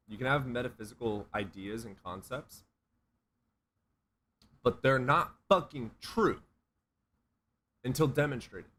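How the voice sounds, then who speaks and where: A man's voice: mid-range voice, measured pace, pauses often, a bit bright, a little hiss or hum. A man doing casual, blunt livestream commentary on a desk USB microphone, sarcastic and profane. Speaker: streamer.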